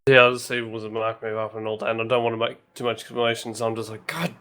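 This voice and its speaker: Man player, relaxed rambling talk. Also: mid-range voice, fast talker, smooth. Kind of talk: casual tabletop play.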